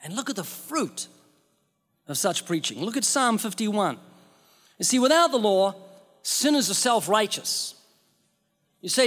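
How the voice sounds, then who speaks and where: A man's voice: high voice, very animated, measured pace, pauses often, fairly bright tone. Guy preaching hard, lots of rhetorical questions, big reverby hall. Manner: emphatic, uses rhetorical questions. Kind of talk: sermon.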